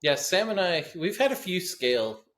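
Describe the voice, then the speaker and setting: A man co-hosting a podcast, chiming in with relaxed, matter-of-fact comments. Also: sits high, moderate pace. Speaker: podcast co-host. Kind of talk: casual podcast chat.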